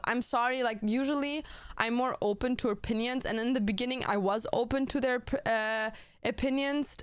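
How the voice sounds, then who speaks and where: Smooth-voiced young woman streamer venting. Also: fairly high pitch, dry recording. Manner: blunt and heated, swears often, talks straight to chat. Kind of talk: casual stream chat.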